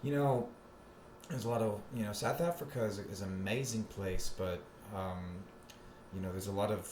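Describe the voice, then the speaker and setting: A man's voice: on the low side, moderate pace, darkish tone. A man from South Florida hosting his own comedy podcast, talking in a rambling, profane, sarcastic way. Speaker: podcast host. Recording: roomy echo with faint ambience.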